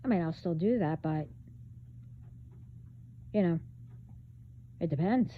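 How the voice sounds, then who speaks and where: A woman talking bluntly in a casual spiritual vlog, halting, with many fillers and restarts. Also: lowish voice, expressive, slight background noise. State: hiccups. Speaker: vlogger. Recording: phone-like band-limited audio.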